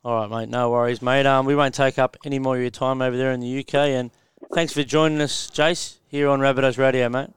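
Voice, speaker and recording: A man's voice: medium pitch, little pitch movement, brisk, smooth, dry recording. An Australian man co-hosting a sports radio show, laid-back and matey. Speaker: radio co-host. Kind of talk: casual studio chat.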